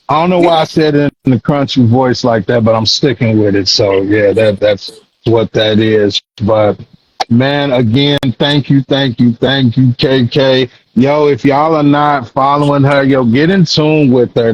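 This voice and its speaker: A man's voice: medium pitch, no echo, highs cut off. A man hosting a casual talk show podcast, full of slang and affectionate praise for his guest. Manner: hype, affectionate, loose slang. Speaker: podcast host.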